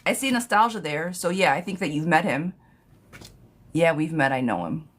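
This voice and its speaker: A woman's voice: low voice, expressive, normal speed. A woman doing a live-stream tarot reading, talking bluntly and sassily, reading viewer questions aloud and cursing freely. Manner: chatty, laughs at her own jokes. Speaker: tarot reader.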